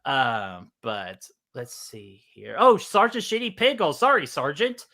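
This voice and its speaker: A man's voice: a little high, wildly swooping pitch, measured pace, pushed and bright. A man with a Southern US accent hosting a casual live stream, greeting chat by name, laughing and swearing casually.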